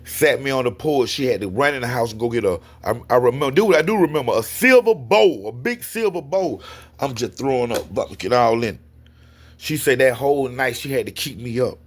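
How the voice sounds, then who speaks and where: A man telling a personal story in a casual, animated way, often turning to his listeners. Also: mid-range voice, fairly quick. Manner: animated, addresses listeners as y'all. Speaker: storyteller guest.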